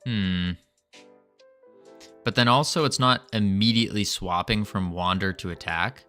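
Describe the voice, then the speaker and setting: A man's voice: fairly low pitch, a little slow, pushed and bright, soft background music. A man on a casual livestream, rambling and thinking aloud with small restarts while he works on code. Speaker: game developer streaming.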